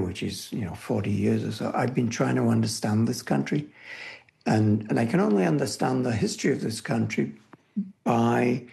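A man's voice: medium pitch, gravelly, warm tone. An older man, a historian, speaking thoughtfully in a conversational interview, often restarting phrases. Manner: thoughtful, with restarts and "you know". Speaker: historian guest.

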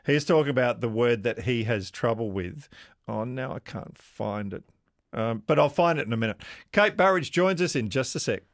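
A man hosting a morning radio talk show, relaxed and chatty as he invites callers. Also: medium pitch, moderate pace, no echo. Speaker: radio host. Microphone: studio microphone.

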